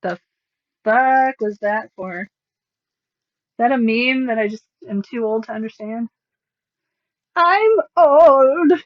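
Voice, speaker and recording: A woman's voice: on the high side, fairly even intonation, a little slow, long pauses, lo-fi sound. A woman livestreamer chatting casually, rambling with sarcastic, self-mocking asides.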